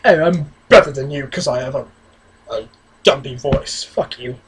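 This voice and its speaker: Husky young man cracking jokes. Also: mid-range voice, normal speed. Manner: joking, mocking asides. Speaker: co-host reacting. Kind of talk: casual reaction chat.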